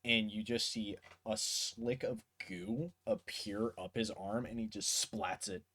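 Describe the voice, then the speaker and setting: Guy running a tabletop game, loose casual narration, gets animated describing stuff. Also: on the low side, unhurried. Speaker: game master.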